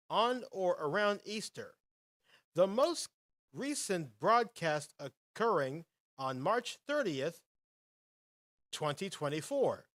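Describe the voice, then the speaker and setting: Upbeat, announcer-style energy drives this young podcast host's quiz round as he lists answer choices, reports players' selections and hums while waiting. His high voice carries a fairly bright tone. Studio-quality sound, no room ambience.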